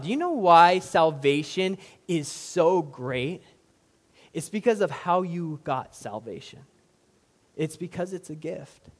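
A man preaching a sermon to a congregation, swinging from quiet, reflective passages to loud, emphatic ones. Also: sits high. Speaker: pastor. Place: church hall with audience. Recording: long reverb of a large hall.

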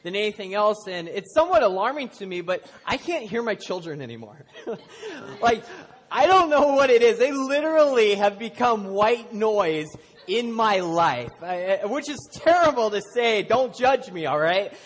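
A man's voice: sits high, sing-song, moderate pace. A man in his thirties preaching a casual sermon to a congregation, telling stories with self-deprecating jokes. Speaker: pastor. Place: church hall before a congregation. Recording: long hall reverb.

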